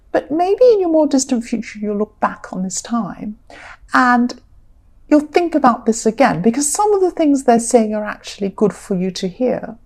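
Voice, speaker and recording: A woman giving a casual tarot reading in a relaxed, chatty way, with many fillers. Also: fairly high pitch, gravelly. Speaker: tarot reader.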